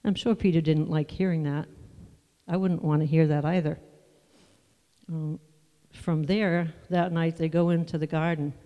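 A preacher giving a sermon, teaching from the Bible in a conversational, unhurried way with asides to the listeners. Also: medium pitch, flat delivery, dark tone, long reverb tail, muffled recording.

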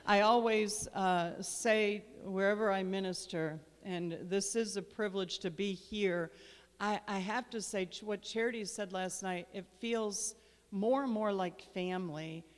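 A woman's voice: medium pitch, steady tone, measured pace. A woman guest minister praying and preaching with fervent, repetitive, emphatic phrasing in a church. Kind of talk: prayer and sermon. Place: church sanctuary. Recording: long reverb of a large church hall.

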